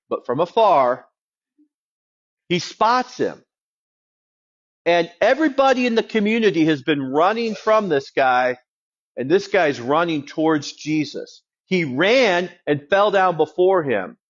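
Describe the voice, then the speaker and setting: A man preaching a sermon as a pastor, in a conversational, wry teaching tone. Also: fairly high pitch. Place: church. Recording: dull lo-fi sound.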